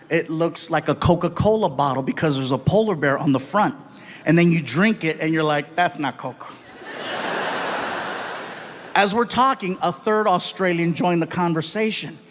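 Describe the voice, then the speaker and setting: Animated high-voiced male comedian. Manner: animated, acts out characters. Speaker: stand-up comedian. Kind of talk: stand-up storytelling.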